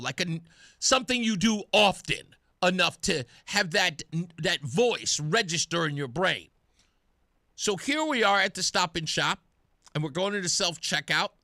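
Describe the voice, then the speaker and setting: A man's voice: high voice, sharp tone, no room sound, studio quality. A middle-aged man hosting a radio talk show, chatting and telling stories casually and laughing at himself. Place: radio studio.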